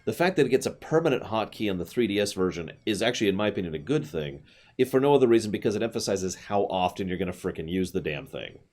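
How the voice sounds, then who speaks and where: A man's voice: fairly low pitch, sing-song, fast talker, a little mellow. A man giving casual, chatty commentary while streaming a video game, with opinionated asides.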